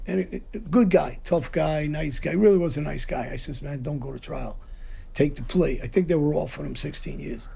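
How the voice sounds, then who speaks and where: A podcast host with a darkish voice on the high side casually tells jail stories. He sounds gravelly and raspy, using tough street talk laced with cursing.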